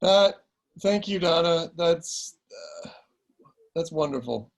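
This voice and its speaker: A priest hosting a parish meeting, gently thanking and affirming a speaker. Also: male voice, a little high, animated, takes it slowly, creaky. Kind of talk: hosting a group discussion.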